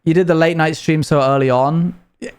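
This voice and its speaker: A man's voice: on the high side, fairly even intonation, brisk, smooth. A British man from the UK chatting casually on a live stream, rambling as he reads chat messages aloud and answers them. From United Kingdom.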